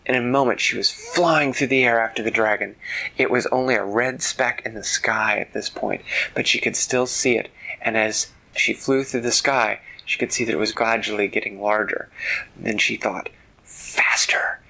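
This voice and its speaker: A man narrating a children's bedtime story in a gentle, unhurried way. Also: lowish voice, steady tone, creaky, low-quality recording.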